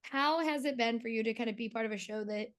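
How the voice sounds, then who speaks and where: A woman's voice: a little high, quick pace. A woman with a Pittsburgh accent interviewing a guest, a self-described yapper who laughs easily and cuts her sentences short. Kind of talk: casual interview chat.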